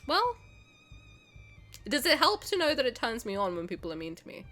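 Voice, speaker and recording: A woman's voice: on the high side, wildly swooping pitch, moderate pace, pushed and bright, faint music behind. A woman streamer who is sick, chatting effusively with her viewers and reading game text aloud, with many restarts and bursts of laughter. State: sick, slightly congested.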